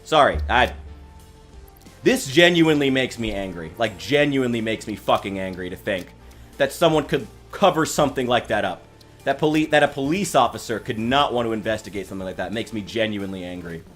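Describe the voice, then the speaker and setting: A man's voice: mid-range voice, animated, fairly quick, fairly bright tone, soft background music. A man giving rambling casual commentary on a stream, angry and swearing, often stopping to restart his sentences. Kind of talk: casual commentary reacting to news.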